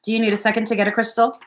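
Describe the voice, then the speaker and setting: Giggly, slow-talking young woman. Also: a little high, background noise. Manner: giggly and playful, swears casually. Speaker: spiritual energy reader. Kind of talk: casual livestream chat.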